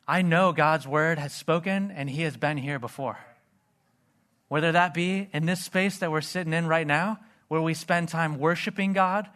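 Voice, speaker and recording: A man preaching a sermon in an earnest voice, reading scripture low and quiet. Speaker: pastor.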